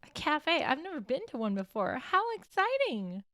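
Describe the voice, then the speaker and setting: With game music running behind her, a woman giggles and chats her way through a casual let's-play, sometimes reading the game's dialogue aloud. Her voice sits high and sounds sing-song and a bit bright, at a moderate pace, in a dry recording.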